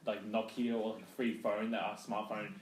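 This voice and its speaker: A man's voice: lowish voice, little pitch movement, moderate pace. A man, co-hosting a casual podcast and rambling through his points with lots of fillers and restarts. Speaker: podcast co-host. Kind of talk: casual chat. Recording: echoey room with faint hiss.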